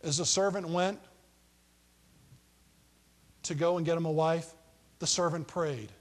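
Joking pastor preaching in a hall. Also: male voice, fairly high pitch, fairly even intonation, measured pace. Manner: conversational, joking storyteller acting out quotes. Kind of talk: sermon.

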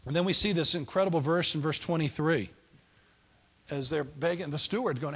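High-voiced man preaching a sermon. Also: normal speed, fairly bright tone, husky. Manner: acts out the people in the story in a raised voice. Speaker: pastor.

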